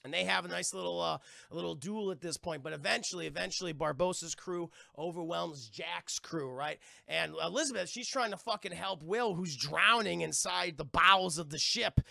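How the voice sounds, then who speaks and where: A man's voice: high-pitched, normal speed, vocal fry, sharp tone, no echo, clean studio sound. A man streaming, casually recapping a movie to his chat, rambling and swearing constantly. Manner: profane, rambling.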